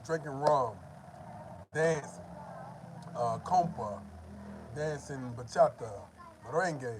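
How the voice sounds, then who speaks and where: Animated man telling a story, swearing. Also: mid-range voice, slow pace, noisy background. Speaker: host. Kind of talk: casual chat.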